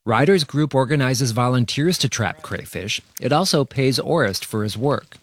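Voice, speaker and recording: A man reporting a news feature for radio in a measured, even narration. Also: medium pitch.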